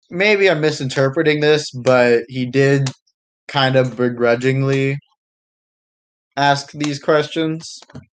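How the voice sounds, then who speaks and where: A man chatting casually about a sports league, hesitant and unhurried, with frequent ums and restarts. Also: medium pitch, slight background noise, rough recording.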